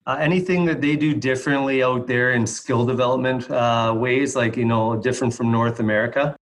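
Male co-host, middle pitch, easygoing, casual podcast questions. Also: steady tone, brisk.

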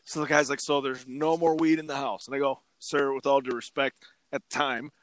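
A man's voice: mid-range voice, a little fast, dry recording. A young adult man casually telling a story on a podcast, acting out the other people's lines. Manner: animated, acts out quotes. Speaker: podcast co-host.

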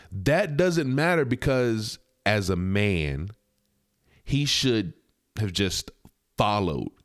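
Man, podcast host, low voice, lively pitch swings, blunt, profane, indignant commentary, dry close mic. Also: no room sound. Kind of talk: commentary on a video clip.

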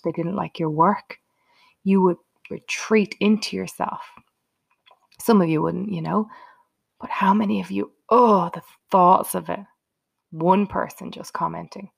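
A woman's voice: on the low side, gravelly. A woman hosting her own motivational podcast, talking unscripted and earnestly, chatting straight to her listeners. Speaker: podcast host.

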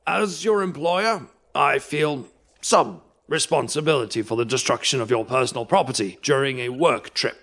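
An eccentric old academic who talks in calm, formal sentences. He is self-assured and unbothered, in an ordinary middle-pitched voice. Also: moderate pace. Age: older. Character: eccentric old male professor, calm and pompous. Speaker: professor.

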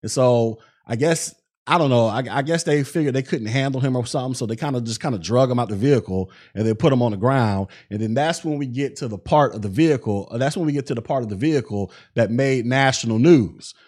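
A man's voice: mid-range voice, fast talker, a little mellow. Casual man recounting events. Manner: conversational, recounts events with many fillers and acted-out quotes. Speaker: podcast host. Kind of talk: casual commentary.

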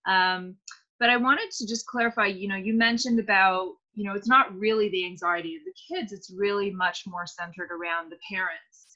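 Bright-voiced woman host, muffled audio. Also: medium pitch, steady tone, normal speed. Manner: hesitant, with many fillers. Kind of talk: casual interview.

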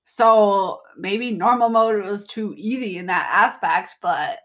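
A woman's voice: mid-range voice, slow pace. A woman co-hosting a casual chat, hesitant and full of fillers, often searching for words. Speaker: podcast co-host.

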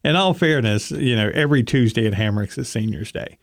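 A man's voice: medium pitch, a little fast, no echo. Storytelling man on dry radio mic. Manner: storytelling, acts out voices in anecdotes. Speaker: radio show co-host. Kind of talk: casual radio chat.

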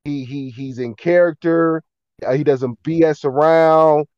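A man's voice: on the high side, steady tone, a little slow, dry recording, highs cut off. A man talking about his film project in a casual podcast chat, stumbling over fillers and repeating words. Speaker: filmmaker and actor guest.

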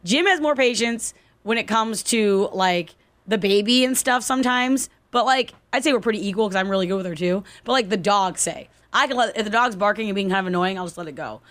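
A woman's voice: mid-range voice, fairly quick, no echo. A young woman co-hosting a podcast, telling stories in casual chat and acting out what people said. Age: young adult. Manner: chatty storyteller, acts out quotes with sudden yells. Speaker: podcast co-host.

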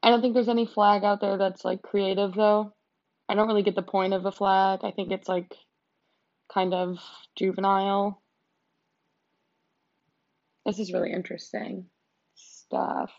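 A woman's voice: medium pitch, little pitch movement, moderate pace, pauses often, darkish tone, highs cut off. A young woman hosting her solo podcast from her couch at home, rambling casually and joking at her own expense. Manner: rambling, self-deprecating, lots of "like" and "um". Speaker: podcast host.

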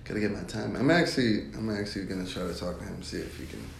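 Goofy, joking man with lively pitch. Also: fast talker, creaky. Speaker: podcast host. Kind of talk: casual chat. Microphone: studio mic. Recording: echoey room with faint noise.

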